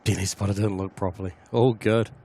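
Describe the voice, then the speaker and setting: A man's voice: lowish voice, fairly even intonation, fairly quick, mellow, breathy edge. Chatty New Zealand man streaming live. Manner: chatty, answers viewer comments by name. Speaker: plane-spotting live streamer. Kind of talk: casual live-stream commentary.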